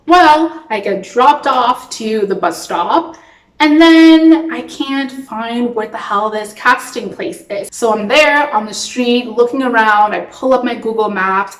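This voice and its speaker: Chatty young woman, echoey room. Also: fairly high pitch. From Toronto, Canada. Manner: chatty and expressive, frequent "like". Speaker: actress. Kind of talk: storytime vlog.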